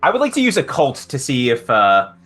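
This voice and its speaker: A man's voice: medium pitch, wildly swooping pitch, brisk, a bit bright. A man playing a tabletop game, speaking in a tentative, hesitant way. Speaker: player.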